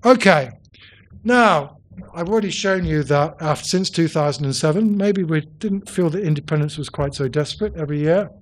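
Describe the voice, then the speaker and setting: A man, a politics professor, lecturing on poll data in a hall, brisk and dryly witty with emphatic stresses and frequent ums. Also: on the high side.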